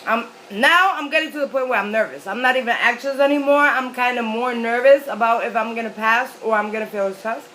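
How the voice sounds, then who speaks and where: A woman's voice: fairly high pitch, fairly quick, hardly any pauses, bright, forceful tone, low-quality recording. A woman vlogger telling a story in a chatty, rambling way while she eats, with lots of fillers. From New York City. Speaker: mukbang vlogger. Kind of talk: casual storytelling while eating.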